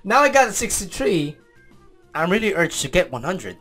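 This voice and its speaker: A man from the Philippines doing gameplay commentary, excitable, talking to himself and his viewers and calling out answers as he plays. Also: sits high, moderate pace, soft background music. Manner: excitable, talks to himself and the audience, counts answers aloud. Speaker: gaming YouTuber.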